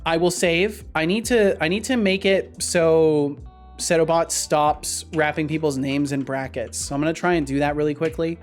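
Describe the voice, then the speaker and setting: A man talking casually to his livestream audience, rambling with many restarts. He breaks into loud, excited outbursts, and faint background music runs under his voice. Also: a little high, moderate pace. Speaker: streamer and game developer.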